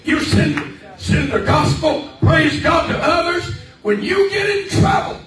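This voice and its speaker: A man preaching a fervent revival sermon, shouting out praise and repeating his lines. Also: extremely high pitch, a little slow, over loud music. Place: church sanctuary. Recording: echoey church hall, from far off, congregation around.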